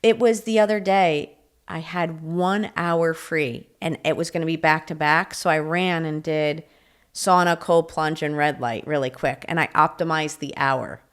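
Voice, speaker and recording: A woman's voice: low-pitched, unhurried, clear, resonant tone. A middle-aged woman, a leadership coach, telling stories in a podcast interview with lots of energy and acted-out quotes. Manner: energetic, animated storyteller who acts out quotes.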